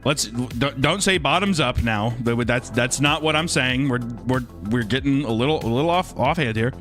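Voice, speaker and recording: A man's voice: mid-range voice, animated, moderate pace, a bit bright, faint music behind. A man chatting casually on a live stream while drawing, rambling and joking with crude humor.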